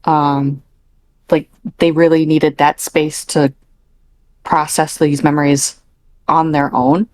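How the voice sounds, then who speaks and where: A woman's voice: deep voice, flat delivery, slow, pauses often, darkish tone, slight background noise. A woman describing a character's inner experience in a tabletop game, thoughtful and hesitant. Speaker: player.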